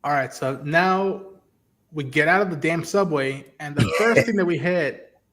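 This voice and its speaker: A man's voice: a little high, a little slow, a bit bright. A man hosting a podcast livestream, talking casually and animatedly, swearing and acting out characters' lines as he recaps. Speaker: podcast host. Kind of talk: casual livestream talk about an episode.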